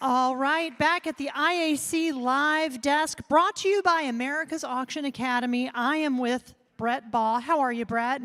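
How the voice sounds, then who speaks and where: Female live-stream host; high pitch, upbeat friendly chat. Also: moderate pace, hardly any pauses, a bit bright. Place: live desk at a convention.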